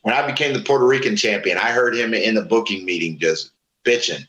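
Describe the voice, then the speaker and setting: In a reverberant, lo-fi recording, a man with a fairly low pitch speaks fairly quickly. The guest, a middle-aged Florida native who used to wrestle professionally, tells profane stories in a casual interview, animatedly voicing other people's lines.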